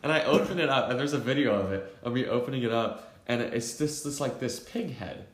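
A man's voice: mid-range voice, brisk. A young man co-hosting a podcast, telling a story animatedly with lots of fillers and laughter. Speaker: podcast co-host. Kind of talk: casual storytelling chat. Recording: roomy echo.

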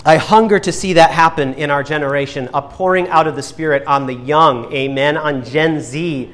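Animated high-voiced man preaching a sermon. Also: moderate pace. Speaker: pastor.

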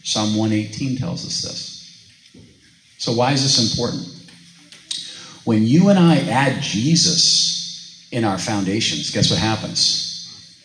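A man's voice: lowish voice, lively intonation, slow pace, long pauses, fairly bright tone, roomy sound, slight background noise, rough recording. A man preaching a sermon to a congregation, telling stories and asking the room questions in a conversational way. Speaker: pastor.

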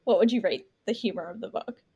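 A woman's voice: medium pitch, quick pace, mellow, breathy edge. A woman co-hosting a podcast, chatting casually about a book and filling her talk with "like.". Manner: chatty, many "like" fillers. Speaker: podcast co-host.

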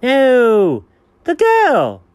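A man voicing an excitable, chatty male house cat who is a nosy busybody, talking in a squealing, gushing way. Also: extremely high pitch, very slow, no echo, voice pushed up, exaggerated voice. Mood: eager.

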